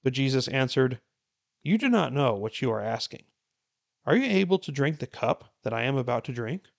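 Gravelly-voiced man reading scripture aloud. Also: mid-range voice, very animated. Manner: earnest, unhurried reading that turns to warm casual commentary. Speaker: Bible reading plan host.

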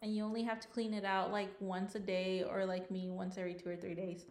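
A woman in her thirties talks casually on a podcast, relaxed and playful and quick to laugh. Her voice sits in a middle range, and the room gives it a noticeable echo. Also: mid-range voice. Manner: easygoing and playful, laughs often. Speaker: podcast co-host. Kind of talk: casual chat.

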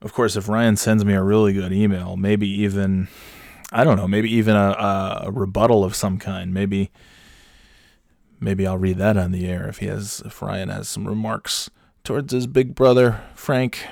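A man's voice: on the low side, little pitch movement, normal speed, gravelly, darkish tone, no room sound, studio quality. Rambling, self-mocking male podcast host. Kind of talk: casual comedic storytelling.

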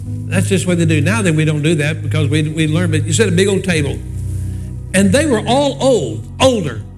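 Older male pastor, 60s, high-pitched and homespun, preaching over soft music. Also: animated, moderate pace. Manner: folksy, conversational storytelling. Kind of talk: sermon with storytelling and prayer.

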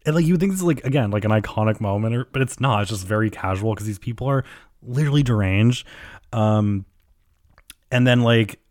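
Speaking fairly quickly in a lowish, slightly mellow voice, a man hosts a podcast where he gossips about a reality show, swears, and acts out quotes amid lots of fillers. It's casual chat captured dry in studio quality.

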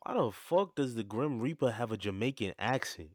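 A man's voice: mid-range voice, animated, moderate pace, a little mellow, natural voice. An actor playing a sleepy, doubtful young man who teases his friend in slang, in an audio drama. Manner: drowsy, doubtful, teasing in slang. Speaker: Ronnie, the roommate.

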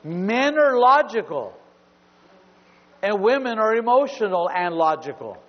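A man's voice: high-pitched, very animated, a little slow. A middle-aged male pastor preaching a sermon with humor, acting out little scenes in asides. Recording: dull sound with long hall reverb.

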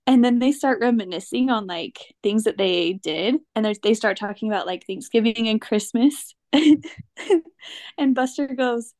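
A woman hosts a casual podcast chat, giggling often as she retells favorite cartoon scenes and does playful voices for the characters. Her voice is fairly high, unhurried, and a little mellow.

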